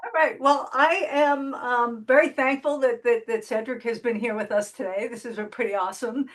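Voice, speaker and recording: A woman hosting a casual interview over a video call, chatty with halting restarts. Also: a little high, fairly even intonation. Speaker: interview host.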